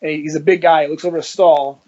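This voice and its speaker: A middle-aged man from Ohio, telling his story as an interview guest in a blunt, profane, animated way. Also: fairly high pitch, fast. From Cleveland, Ohio, USA. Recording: dull lo-fi audio.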